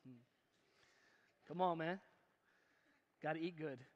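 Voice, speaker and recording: A man's voice: on the high side, slow, highs cut off. A male pastor giving a sermon, emphatic and conversational, asking the crowd questions and joking with them. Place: church hall. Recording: long hall reverb in a church.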